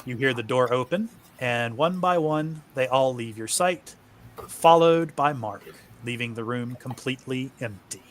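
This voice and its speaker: A man narrating a tabletop game as game master, with slow, deliberate delivery. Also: medium pitch, noisy background.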